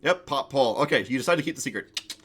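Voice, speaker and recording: A man's voice: mid-range voice, lively intonation, fast, fairly bright tone, breathy edge, soft background music. A man narrating a tabletop game on his stream, casual and chatty, with lots of restarts.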